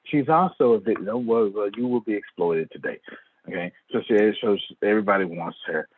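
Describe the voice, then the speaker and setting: A man speaking to an audience, telling a story in a lively way, calling on listeners by name and acting out what people said. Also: lowish voice, fairly quick, a little hiss or hum. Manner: lively, calls on listeners by name, acts out quoted lines. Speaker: motivational speaker. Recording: tinny phone-like sound.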